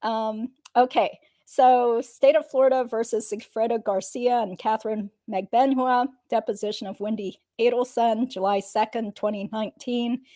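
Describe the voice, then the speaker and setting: A woman's voice: fairly high pitch, steady tone, normal speed, hardly any pauses, warm tone. A woman lawyer hosting a stream and reading out the details of a legal transcript in a plain, matter-of-fact way. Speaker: host and lawyer.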